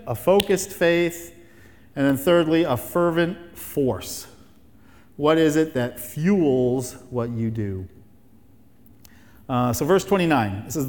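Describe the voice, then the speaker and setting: Man preaching a sermon in a hall. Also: fairly high pitch. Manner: emphatic, with rhetorical questions and repeated phrases. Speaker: pastor.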